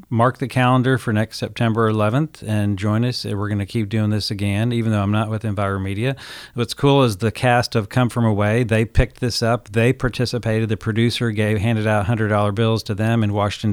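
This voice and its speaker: A man's voice: lowish voice, clear, resonant tone, no room sound. A man appearing as a guest author on a radio show, telling a story earnestly with many fillers, on a studio microphone. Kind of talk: radio interview.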